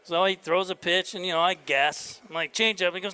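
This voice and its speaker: A man's voice: sits high, a little fast, smooth. A man, a head baseball coach, telling stories in a casual interview at a convention, acting out the dialogue. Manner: animated storyteller acting out dialogue. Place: convention floor.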